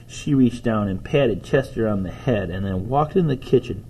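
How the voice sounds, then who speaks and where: A man reading a children's storybook aloud, playful and animated, in a husky voice. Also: on the low side, normal speed. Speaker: reader.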